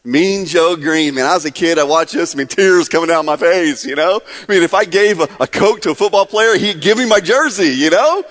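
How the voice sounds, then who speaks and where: A man's voice: fairly high pitch, expressive, a little fast, few pauses, a bit bright. A man in his forties, a pastor, opening a sermon in an upbeat, chatty way and quizzing the congregation. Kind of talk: casual sermon opener. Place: church hall. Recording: long church reverb.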